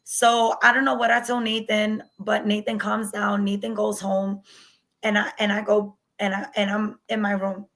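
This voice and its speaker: Speaking at a moderate pace, a woman with medium pitch keeps a level, slightly bright tone, captured in low quality. Her candid storytelling as an interview guest includes acting out conversations from her past.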